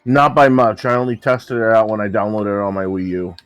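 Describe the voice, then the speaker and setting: Quick, loud-talking man guest. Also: lowish voice, dry recording, soft background music. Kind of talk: casual gameplay chat.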